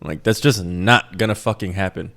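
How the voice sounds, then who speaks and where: A man's voice: deep voice, normal speed, bright, forceful tone. A young man from a Puerto Rican family raised in New York, ranting in a rambling, profane, joking way as a podcast host. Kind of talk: casual monologue.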